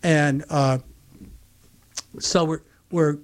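A man from upstate New York on a radio show, telling a long anecdote in a casual, animated way and acting out the quotes. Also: a little high, very slow. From Utica, New York. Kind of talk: casual storytelling.

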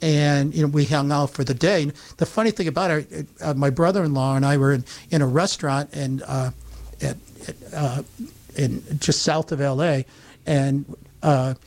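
A man from upstate New York on a radio show, telling a long anecdote in a casual, animated way and acting out the quotes. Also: fairly high pitch, normal speed. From Utica, New York. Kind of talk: casual storytelling.

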